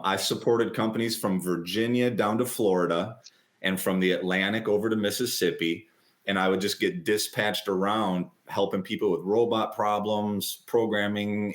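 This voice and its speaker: A man in his thirties talking as an interview guest, chatty and animated as he retells his story. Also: on the low side. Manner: quick, lively retelling with acted-out quotes.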